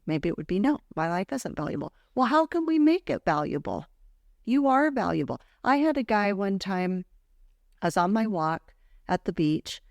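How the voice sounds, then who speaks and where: Her voice low and darkish, a faith podcast host tells a personal story in an earnest, heartfelt, casual way. The recording is dry, with clean studio sound.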